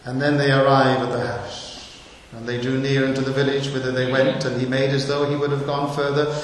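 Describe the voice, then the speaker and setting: Preacher in an echoey hall. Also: male voice, medium pitch, brisk, slight background noise. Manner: expository Bible preaching, rhetorical questions, rising emphasis on key words. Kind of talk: sermon.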